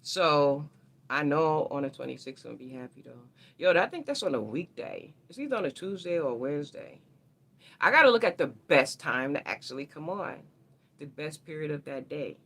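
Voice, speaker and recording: Woman, livestream astrology host, casual and rambling, gravelly with a sharp brightness. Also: low voice, animated, moderate pace. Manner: slangy, rambling, talks straight to viewers.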